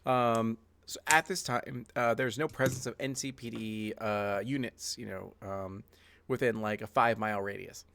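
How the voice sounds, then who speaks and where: A man's voice: on the low side, fairly even intonation, normal speed, gravelly, fairly bright tone. A man narrating as game master of a tabletop game, loose and chatty with many fillers.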